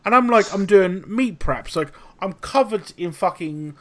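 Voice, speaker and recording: A man's voice: high voice, measured pace. A man hosting a podcast, telling a story in casual chat with lots of swearing. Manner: animated storytelling, heavy swearing. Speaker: podcast host.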